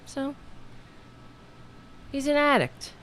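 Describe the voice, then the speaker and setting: A woman's voice: high voice, extremely slow, a little hiss or hum. Chatty woman hosting a live stream. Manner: chatty, animated, laughs often, trails off and restarts. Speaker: political show host. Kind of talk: casual live-stream talk.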